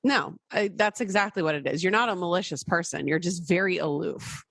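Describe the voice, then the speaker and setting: A woman's voice: on the low side, fairly quick, gravelly, a bit bright, no echo, clean studio sound. A woman co-hosting a podcast, reacting and teasing her co-hosts in casual banter. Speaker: podcast co-host. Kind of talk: casual chat.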